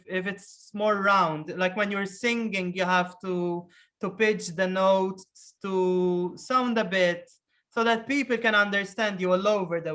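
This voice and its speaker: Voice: mid-range voice, fairly bright tone. A rock guitarist from Malta with a Maltese accent, chatting in an interview and often restarting sentences. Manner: hesitant, with frequent restarts and laughter. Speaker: rock band guitarist, guest. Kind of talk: casual interview chat.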